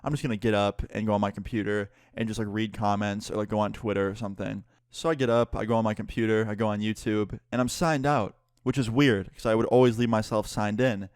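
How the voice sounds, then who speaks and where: A man's voice: fairly low pitch, fast talker, few pauses, smooth, no echo, studio quality. Young man telling a swear-laden storytime. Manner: candid, swears freely, animated storytelling. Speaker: YouTuber. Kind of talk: casual storytime retelling.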